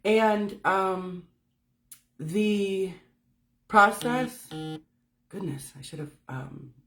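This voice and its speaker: A woman talking into her phone on a casual livestream, open and blunt, with swearing mixed into the story. Her voice jumps up sharply when she reacts. She sits at a mid pitch for a woman. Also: animated, very slow, fairly bright tone. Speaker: spiritual speaker.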